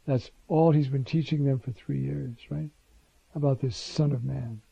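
A man's voice: mid-range voice, steady tone, moderate pace, creaky, dark tone, husky, no echo. A man teaching scripture in a conversational sermon, with informal asides and restarts, on a dull lo-fi recording.

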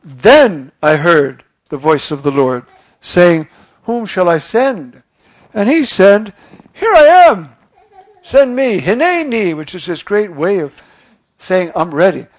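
A man's voice: on the high side, expressive, slow pace. An older man, a priest, giving a conversational homily, acting out quoted voices and checking in with listeners. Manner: conversational, acts out quoted voices, asks listeners "you see?".

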